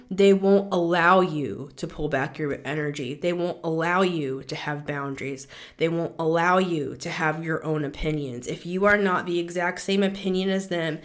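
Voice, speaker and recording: A woman hosting a spiritual reading show, talking earnestly to listeners and repeating words for emphasis, a little out of breath. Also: lowish voice. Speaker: spiritual reader, show host. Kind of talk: intuitive reading monologue.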